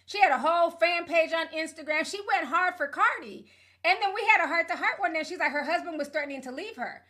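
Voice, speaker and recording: A woman hosts her own casual gossip commentary show. She talks in a high, sharp-edged voice. Her delivery is blunt and profane, with frequent laughter as she tells stories. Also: quick pace.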